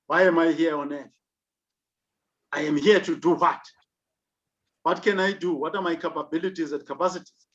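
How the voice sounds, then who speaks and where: A man's voice: a little high, fairly even intonation, moderate pace, pauses often. A South African man giving an online leadership lecture, emphatic, with rhetorical questions. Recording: dull lo-fi recording.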